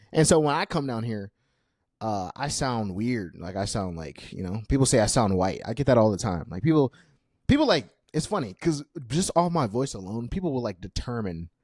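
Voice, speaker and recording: In his twenties, this man hosts a casual solo podcast, chatting and poking fun at himself with plenty of fillers. The recording is clean studio sound with no echo, and his voice is lowish with a darkish tone.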